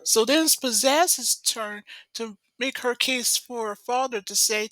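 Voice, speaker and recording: A woman talks through an episode recap in a loose, rambling way, stringing events together with "so" and "of course". Her voice is bright and a little high. It sits close and dry on the mic. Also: unhurried, few pauses, no echo, low-quality recording. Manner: rambling, chatty retelling full of "so" and "of course". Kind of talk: casual episode recap narration.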